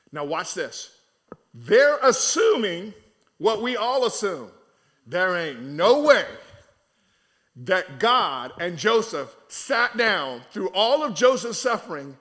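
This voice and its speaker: A man preaching a conversational sermon in an animated, colloquial way. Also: high-pitched.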